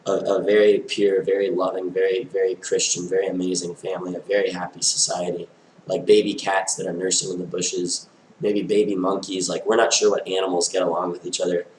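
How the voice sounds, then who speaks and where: A man's voice: low voice, level tone, fairly quick, roomy sound, a little hiss or hum, poor audio. A man talking to camera in a rambling, stream-of-consciousness monologue, full of "like" and loose tangents. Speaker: vlogger.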